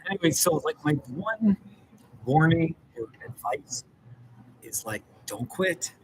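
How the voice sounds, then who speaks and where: A man's voice: on the high side, animated, slow, slight background noise, low-quality recording. A middle-aged American man chatting casually on a livestream as a therapist, rambling and restarting his sentences. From United States. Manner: rambling, chatty, with self-interrupting restarts and laughs. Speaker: therapist hosting a live stream. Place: home in a small rural mountain town.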